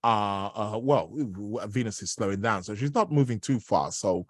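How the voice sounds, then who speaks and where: A man's voice: fairly low pitch, normal speed, dry recording, clean studio sound. A man hosting an astrology podcast, talking casually and rambling, with many fillers and restarts. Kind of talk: casual spoken commentary.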